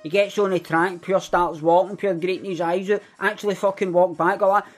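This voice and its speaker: A man's voice: high voice, flat delivery, brisk, faint music behind. A man playing a boastful, violent young Glasgow man in a comedic character monologue, telling a rambling story with a Glaswegian accent and heavy swearing. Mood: menacing.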